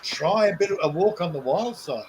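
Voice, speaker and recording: A man chatting casually on a stream, animated and mocking, with plenty of swearing. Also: high-pitched, a little fast, rough recording. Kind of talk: casual chat. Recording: faint background noise.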